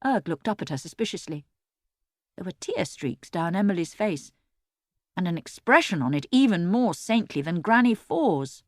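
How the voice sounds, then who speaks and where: A woman narrating a children's storybook in an expressive, lively way, recorded close on a studio mic. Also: lowish voice, normal speed, no room sound. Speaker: audiobook narrator.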